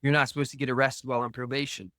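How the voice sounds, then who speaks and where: A podcast guest speaks unhurriedly, earnestly recounting a personal story and voicing the lines of the people in it. His ordinary middle-pitched voice shows little pitch movement and has a bright, forceful tone. It's recorded close and dry, with no room sound or echo.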